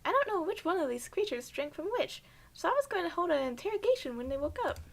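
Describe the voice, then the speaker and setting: A woman's voice: very high-pitched, very animated, quick pace, gravelly, pitched above the performer's own voice, exaggerated voice. A woman voicing a delicate, fretful little mouse who pleads melodramatically for help. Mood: pleading.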